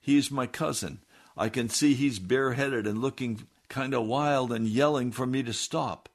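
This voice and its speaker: A man voicing a steady, loyal farmer who speaks calmly and reassuringly. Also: medium pitch, a little slow, voice pushed up. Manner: calm, reassuring.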